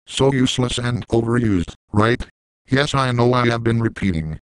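A man at an ordinary middle pitch reads out a scripted rant. His delivery is flat and measured. The recording is dry, with no room sound at all. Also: clear, resonant tone, no echo, poor audio. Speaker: YouTube ranter.

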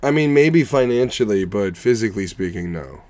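A young man from the Chicago area, hosting a casual movie podcast and talking in a profane, rambling, animated way. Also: on the low side, moderate pace, a little hiss or hum. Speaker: podcast host reviewing movies. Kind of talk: casual chat.

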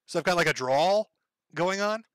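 A man's voice: sits high, animated, normal speed, a bit bright, no room sound. A man with a Minnesota accent hosting a livestream, rambling casually with profanity and laughing asides. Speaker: livestream host.

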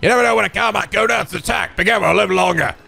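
A man voicing a shady male Goomba thug who shouts warnings in a game. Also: high voice, very fast, gravelly, soft background music, heavily acted. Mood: menacing. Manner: shouting, menacing.

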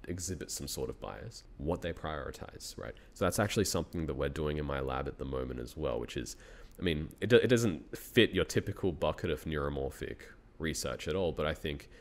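A man's voice: rumbling low, animated, fairly quick, few pauses. A man in his thirties with an Australian accent, a university researcher talking as a guest in a casual interview, thinking aloud and laughing often.

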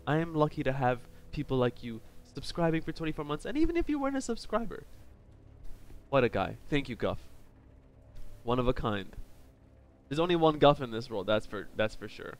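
A man's voice: mid-range voice, expressive, moderate pace, pauses often. A man streaming a game live, joking and chatting playfully with viewers. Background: game music.

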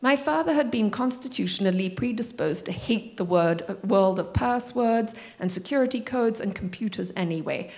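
A woman's voice: mid-range voice, animated, moderate pace, few pauses, a little mellow. A woman author in a library community room, reading expressively from her memoir and answering audience questions with wry asides.

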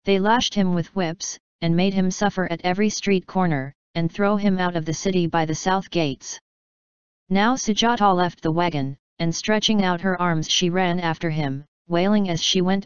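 A woman reading an old folk tale aloud in a measured, steady storytelling style. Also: lowish voice, clean tone, dry recording, lo-fi sound. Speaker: narrator. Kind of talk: scripted storybook narration.

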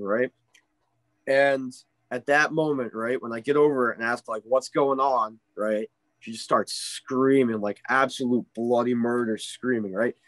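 A man who works as a ski instructor tells a story in a casual interview. He is animated and keeps checking in with "right?". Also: medium pitch, dry recording.

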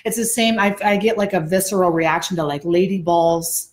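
A bubbly woman co-hosting a casual live self-growth chat, telling stories with frequent laughs and big pitch swings. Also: moderate pace. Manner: chatty storyteller, sparks off tangents.

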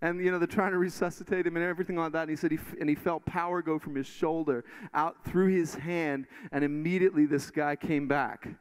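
A man preaching in church and telling testimonies in an animated way, full of restarts. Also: a little high, a little fast, few pauses, clean tone. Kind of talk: sermon testimony. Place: church stage.

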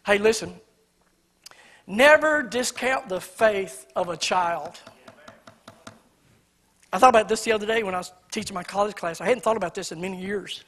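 A man preaching. His voice sits very high and sounds bright and forceful. He shifts from loud emphatic preaching to quiet storytelling. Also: normal speed, long pauses. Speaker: pastor. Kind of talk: sermon. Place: church sanctuary.

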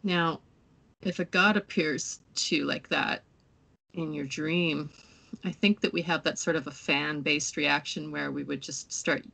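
A woman in a casual spiritual discussion, rambling and acting out quotes in excited voices. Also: deep voice, a little slow, vocal fry. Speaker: co-host.

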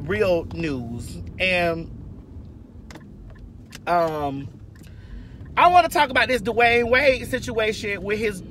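A woman's voice: fairly low pitch, a bit bright, slight background noise. A woman hosting a casual car chat to her phone camera, brassy and flamboyant, calling everyone "girl" and "honey". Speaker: vlog host. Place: inside a car.

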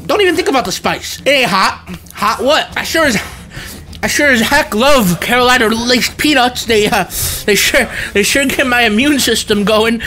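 Hyped young man, lively bright voice. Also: extremely high pitch, normal speed. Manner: hyped and jokey, slangy, frequent laughing and shouted outbursts. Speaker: YouTuber. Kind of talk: comedic reaction commentary.

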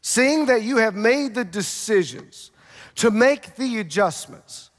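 A man with a high, bright-edged voice preaching with energy, pressing his listeners with rhetorical questions and quick jokes. His voice rings through a large church auditorium with a long reverb tail. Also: expressive. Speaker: pastor. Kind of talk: sermon.

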